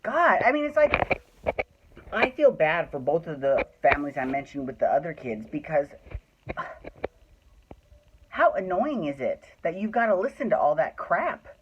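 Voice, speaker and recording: A woman with a low-sitting voice and big pitch swings vents at a moderate pace on her soap opera recap podcast, recorded at home, swearing freely and ranting in frustration. The audio is dull, with background noise.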